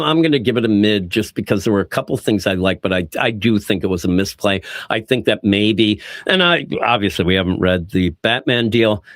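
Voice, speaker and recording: A man co-hosting a casual podcast chat, animated and quick to act out quoted lines. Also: on the low side, dry recording, clean studio sound. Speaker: podcast co-host reviewing comics.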